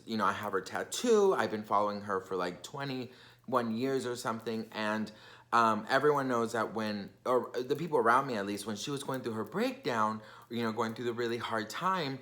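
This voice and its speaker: A man's voice: on the low side, animated, normal speed, pushed and bright. A young man vlogging, telling a casual story in a chatty, gossipy way with lots of fillers.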